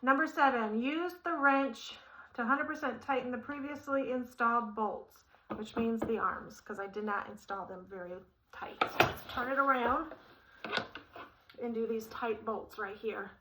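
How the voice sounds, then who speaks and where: Speaking at a measured pace in a voice on the high side, a middle-aged vlogger recounts a personal story over background noise as she assembles furniture. The telling is rambling, warm-hearted and thick with fillers and restarts.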